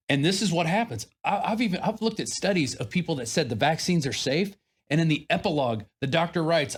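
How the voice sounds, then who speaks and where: A man tells casual stories in a talk discussion and acts out the people he quotes. His fairly high voice moves around a lot in pitch. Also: quick pace, breathy edge. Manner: animated storyteller who acts out quotes.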